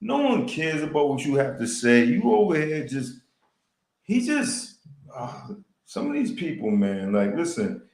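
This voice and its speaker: A man with a Boston accent rants bluntly on a casual sports podcast, with plenty of profanity. His gravelly voice swings widely in pitch, and it echoes around the room he is in. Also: wildly swooping pitch, measured pace, darkish tone. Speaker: podcast co-host.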